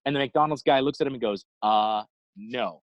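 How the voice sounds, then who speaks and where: A man giving an inspirational talk over a video call, telling a story with lively acted-out quotes. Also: medium pitch, rapid-fire, dry recording, muffled recording. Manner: animated storyteller, acts out quotes. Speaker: inspirational speaker.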